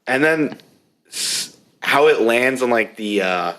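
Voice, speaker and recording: A man's voice: medium pitch, expressive, slow pace, fairly bright tone. A man co-hosting a casual podcast, laid-back and slangy, calling his partner "dude". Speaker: podcast co-host. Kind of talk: casual chat.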